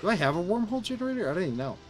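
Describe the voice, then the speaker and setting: A streamer from Southern Illinois with a Midwestern American accent chats casually with viewers while gaming, rambling, answering chat, and restarting sentences often. His voice sits high, very animated and racing, with faint music behind him.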